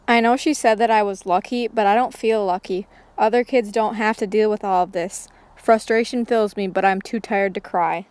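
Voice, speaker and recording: Woman, story reader, smooth clear tone, plain first-person narration. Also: medium pitch, fairly even intonation, normal speed, no echo. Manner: reads plainly, voicing characters' lines lightly. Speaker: student reading her own story.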